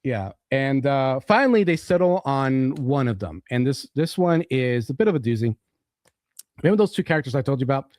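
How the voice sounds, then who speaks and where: A man's voice: brisk, dry recording, clean studio sound. A man hosting a casual podcast chat, retelling a comic story and acting out the characters' lines with a loose, rambling manner. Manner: animated, acts out characters' lines with shifting pitch; loose, full of "you know" and "like". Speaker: podcast host explaining comics.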